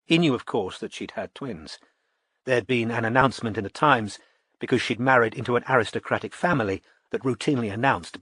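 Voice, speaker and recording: A man reading a novel aloud as an audiobook narrator, in a measured, even storytelling manner. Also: mid-range voice, slightly rough, dry recording, studio quality. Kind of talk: scripted narration.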